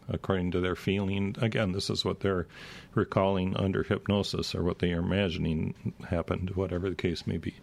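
A man hosting a show, talking casually in a rambling, halting way with many fillers, his voice dry and failing. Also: deep voice, gravelly. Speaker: show host. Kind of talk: casual talk on alien abduction accounts.

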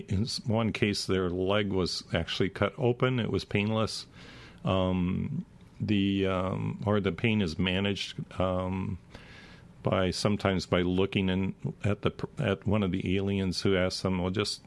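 Male host, deep gravelly voice, hesitant chatty delivery, dry strained throat. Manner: rambling, halting with many fillers. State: dry, failing voice. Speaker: show host. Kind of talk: casual talk on alien abduction accounts.

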